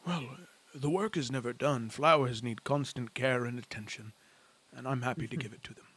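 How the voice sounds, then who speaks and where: A man voicing a gentle, sorrowful older gardener who talks in halting apologies during a tabletop game. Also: mid-range voice, breathy edge. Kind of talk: tabletop role-play.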